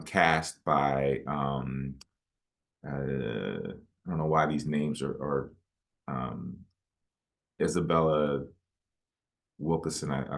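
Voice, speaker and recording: A man, a guest author in a webinar interview, explaining his ideas with stories and asides. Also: extremely low pitch.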